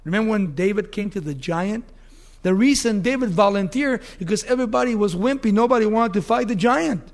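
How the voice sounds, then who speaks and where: A man's voice: sits high, brisk. A man preaching a sermon, telling a story animatedly and asking his listeners questions.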